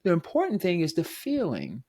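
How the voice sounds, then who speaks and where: A man hosting a podcast, talking reflectively in a thoughtful, halting way with many restarts. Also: sits high, wildly swooping pitch, a little mellow. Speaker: podcast host. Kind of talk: reflective conversation.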